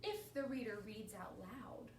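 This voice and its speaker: A woman's voice: fairly high pitch, measured pace, noisy background. A woman voicing a cheerful, playful pig in a storybook read-aloud, talking eagerly. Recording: echoey room, distant mic.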